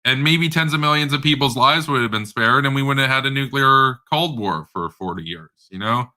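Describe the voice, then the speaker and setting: Sharp-voiced man ranting about politics. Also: medium pitch, fairly quick. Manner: rambling, with frequent fillers and stammered repeats; blunt and sarcastic. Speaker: political commentator. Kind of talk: casual unscripted political rant.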